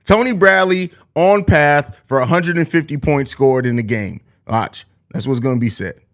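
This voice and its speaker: A young man hosts a live sports podcast, reading chat comments aloud. He jokes loosely and swears freely, and his voice sits a touch high for a man. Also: normal speed, fairly bright tone. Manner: loose, profane, joking, reads viewer comments. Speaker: podcast host.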